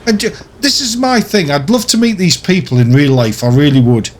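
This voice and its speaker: A man talks over his gameplay in a loose, ranting way, chatty and quick to laugh. His voice sits a little higher than most men's. A faint hum of ambience runs behind him. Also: lively intonation. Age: older. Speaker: gaming YouTuber. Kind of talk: casual commentary over gameplay.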